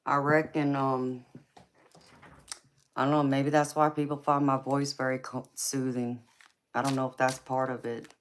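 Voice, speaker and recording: Deep-voiced Southern woman chatting live. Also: level tone, unhurried, pauses often. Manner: laid-back, giggly, calls viewers baby and honey. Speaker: tarot reader and livestream host. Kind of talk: casual live-stream chat reading viewer comments.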